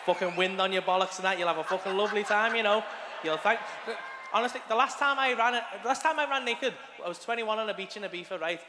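A man's voice: sits high, quick pace, background noise. A man doing a sweary stand-up routine on a comedy club stage, bantering with the crowd. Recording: live club room with reverb and faint ambience.

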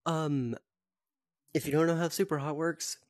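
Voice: mid-range voice, steady tone, unhurried, dry recording, clean studio sound. A gaming video host giving chatty VR gameplay commentary and playfully taunting enemies.

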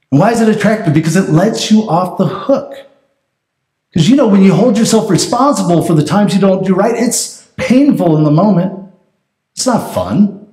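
A man's voice: sits high, dark tone. A man preaching a conversational sermon as pastor, often checking in with the congregation. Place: church sanctuary. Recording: roomy church sanctuary.

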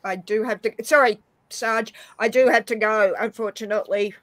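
A woman's voice: a little high, steady tone, normal speed, a bit bright, dry recording. A woman on a live stream chat, teasing the others as she says her goodbyes. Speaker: co-host.

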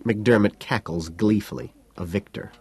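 A man reading a novel aloud as an audiobook, in an even, understated first-person narration. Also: lowish voice, normal speed, husky. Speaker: audiobook reader.

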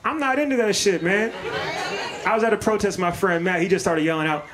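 A man in his thirties works a comedy club stage with a brash, profane stand-up set, and his voice sits a little high for a man. Laughter and crowd noise from the room ride clearly under every line. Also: expressive. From Maryland, US. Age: 30s. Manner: brash, profane, acts out characters in quick asides. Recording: live club recording with audience noise. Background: audience laughter.

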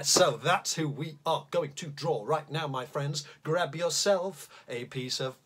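Playful, animated man. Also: husky. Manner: lively and playful, swooping pitch. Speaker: children's drawing show host. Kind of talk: reading a comic poem aloud, then chatty drawing lesson.

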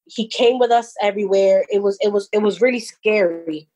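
A woman's voice: medium pitch, brisk, a little mellow, rough recording. A young woman recounting a personal experience, rambling and restarting as she tells it. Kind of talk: personal storytelling.

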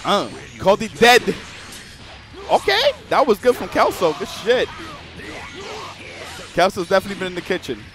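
Excitable young man hyping a game. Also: high-pitched, normal speed, pauses often, soft background music. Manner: excitable, swearing, hyping plays and joking with chat. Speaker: streamer commentating a fighting game set. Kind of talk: casual live game commentary.

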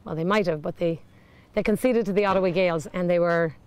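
A woman's voice: lowish voice, steady tone, fast talker, darkish tone, smooth. A woman talking in an interview about her team, earnest and heartfelt. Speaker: team member.

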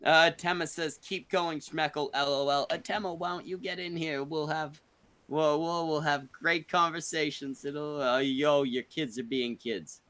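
A man's voice: on the high side, steady tone, a little slow, fairly bright tone. A man hosting a podcast stream in casual chat, rambling and joking crudely, full of uh and restarts. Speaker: podcast host.

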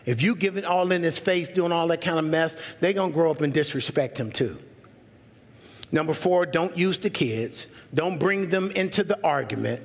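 Animated pastor preaching with lively pitch. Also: male voice. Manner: animated, humorous, talks straight to the congregation. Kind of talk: sermon. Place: church sanctuary. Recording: long church reverb.

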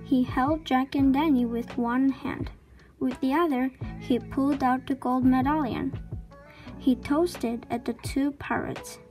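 Woman reader, high voice, slow storybook read-aloud, faint music behind. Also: fairly even intonation, a little mellow. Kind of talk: reading a children's book aloud.

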